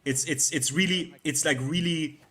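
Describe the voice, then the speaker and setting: A man streaming live and chatting casually, halting and repeating words with many fillers. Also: a little high, sharp tone.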